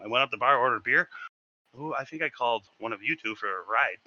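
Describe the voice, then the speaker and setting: A man on a podcast telling a story in casual chat, animated and swearing freely. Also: mid-range voice, fast talker, no room sound, lo-fi sound. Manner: animated, swearing, acts out shouted quotes. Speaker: podcast co-host.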